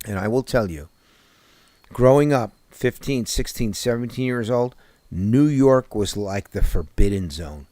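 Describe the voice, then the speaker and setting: Profane New Jersey man, lively voice. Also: fairly low pitch, a little slow, no room sound. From Newark, New Jersey. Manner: profane, jokey, animated storyteller. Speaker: podcast host. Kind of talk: casual podcast chat.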